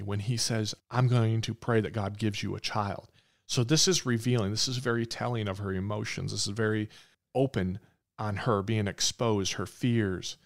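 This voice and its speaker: Earnest male preacher telling a story. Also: lowish voice. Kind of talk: sermon.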